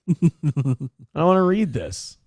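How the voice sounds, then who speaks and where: A man's voice: fairly high pitch, big pitch swings, slow, darkish tone, dry recording. A man hosting a morning show, chatting loosely, swearing, laughing and reading viewer messages aloud. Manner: loose, profane, laughing, does mock voices in stories. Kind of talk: casual banter and reading chat messages.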